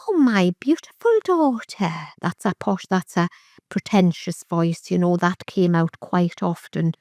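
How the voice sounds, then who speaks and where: Woman, middle-aged, interview guest, candid and halting, lowish voice, dry close sound. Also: a little mellow, dry recording. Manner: candid, halting, with vivid re-enactments of remembered speech. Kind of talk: emotional personal testimony.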